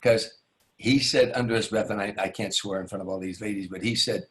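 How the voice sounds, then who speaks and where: A stand-up comedian, interviewed as a guest, delivers a long showbiz story in a fairly low, slightly bright voice that's fairly quick and fairly even in intonation. His telling rambles, restarts and digresses, and he acts out the people involved.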